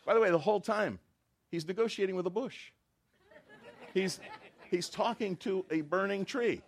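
A man preaching a sermon to a church congregation, acting out the dialogue he quotes in an animated way. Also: high-pitched, moderate pace, vocal fry. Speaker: pastor.

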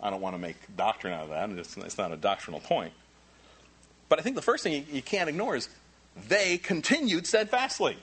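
A man preaching a sermon as pastor, animated and repeating key phrases for emphasis. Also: mid-range voice, brisk, husky.

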